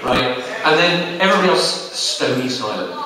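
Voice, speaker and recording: A man's voice: medium pitch, big pitch swings, moderate pace. A man doing live stand-up, teasing and riffing on the audience as he runs a participation bit. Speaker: stand-up comedian. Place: comedy venue. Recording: echoey venue from a distance, crowd laughter.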